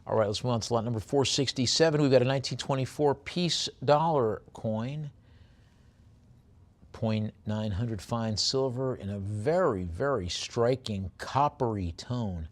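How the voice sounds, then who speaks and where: A man running a live auction, his voice rough with gravel. He rattles off bids fast and drifts into chatty remarks about the lots. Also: fairly low pitch. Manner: rapid bid calling with chatty asides.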